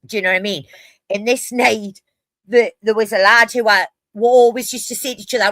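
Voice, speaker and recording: A woman's voice: mid-range voice, fairly even intonation, fairly quick, a bit bright, no echo. A woman with a Geordie accent, telling rowdy stories in a casual live stream chat, brash and full of swearing. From North East England.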